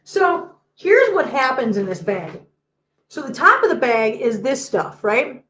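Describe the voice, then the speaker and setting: A woman's voice: high-pitched, big pitch swings, unhurried, fairly bright tone, reverberant, slight background noise, poor audio. A woman hosting a casual livestream from home, chatting and joking while she talks to her cats. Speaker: host.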